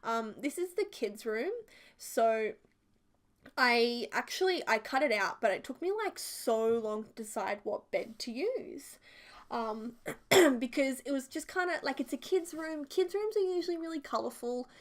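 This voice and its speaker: A woman's voice: fairly high pitch, expressive, measured pace. A woman, chatting casually and rambling through a voiceover for her building video, full of filler words. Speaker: video creator.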